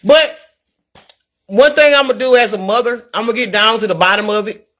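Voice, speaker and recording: Livestreamer woman, middle-aged, earnest and preachy, bright tense voice, stumbles over repeated words. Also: fairly high pitch, moderate pace. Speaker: livestreamer reading viewer comments. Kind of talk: candid live-stream talk.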